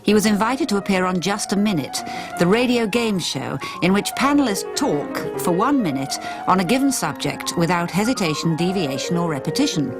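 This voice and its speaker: A woman's voice: on the low side, lively intonation, moderate pace. Woman narrating a documentary over music. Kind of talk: scripted narration.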